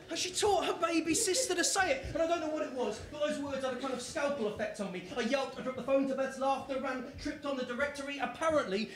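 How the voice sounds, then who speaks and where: A man performing a rhyming spoken-word story poem live, with a rhythmic delivery that builds to shouted lines. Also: very high voice, fast talker, hardly any pauses, heavy background noise. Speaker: performance poet. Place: live venue on stage. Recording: roomy live venue sound.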